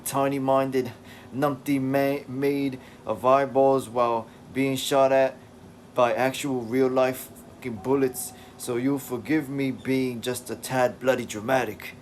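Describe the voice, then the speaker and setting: A man voicing a brash, excitable male brawler, loud and exclamatory. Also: mid-range voice, measured pace, a little hiss or hum, natural voice. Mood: defiant.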